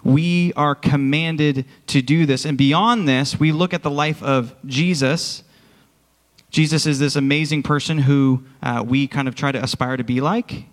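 A man's voice: fairly high pitch, fairly even intonation, measured pace, long reverb tail. A man preaching a sermon as worship pastor, speaking earnestly and directly to his congregation in a church. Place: church sanctuary.

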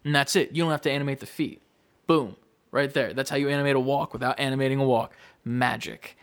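A young man chatting casually on a podcast, telling stories with lively quoted voices and frequent swearing. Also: mid-range voice, quick pace, smooth. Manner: animated storyteller, acts out quoted lines, swears freely. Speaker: podcast co-host. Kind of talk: casual chat.

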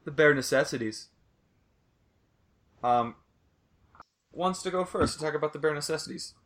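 A man's voice: fairly high pitch, normal speed, noisy background. A young man hosting a casual sports podcast, rambling loosely and swearing now and then. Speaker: podcast host.

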